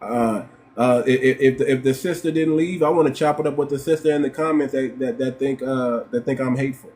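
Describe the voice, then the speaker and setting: Speaking fairly quickly in a mid-range voice with a darkish tone, this American livestream host delivers emphatic commentary. He repeats himself and keeps throwing out rhetorical questions.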